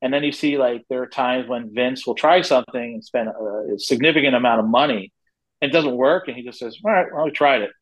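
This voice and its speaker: A man's voice: mid-range voice, fairly quick, muffled recording. A man in his forties, head of a wrestling company, answering interview questions in a talkative, storytelling way with frequent restarts. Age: 40s.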